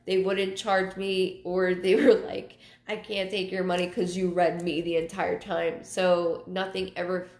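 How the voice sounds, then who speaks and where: A woman psychic medium hosting her live show, chatting casually and telling personal stories in a halting way, often repeating words. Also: lowish voice, little pitch movement, darkish tone. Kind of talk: casual livestream talk. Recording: roomy echo.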